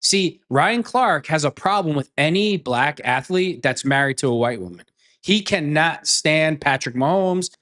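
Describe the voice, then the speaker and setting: A man's voice: on the high side, expressive, unhurried, a bit bright. A man giving a heated opinion rant as an online commentator, blunt and profane, repeating phrases for emphasis.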